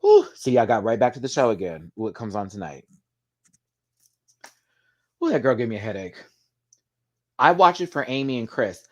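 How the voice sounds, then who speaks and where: A man hosting a casual live chat with viewers, talking in a sassy, animated way and swearing freely. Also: medium pitch, normal speed, long pauses, highs cut off. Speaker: live stream host.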